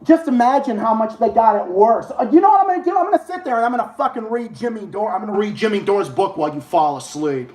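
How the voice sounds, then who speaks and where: A man's voice: high voice, lively intonation, quick pace, hardly any pauses, a little mellow. A man hosting a live stream, ranting to his chat with heavy swearing and sarcasm. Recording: roomy echo.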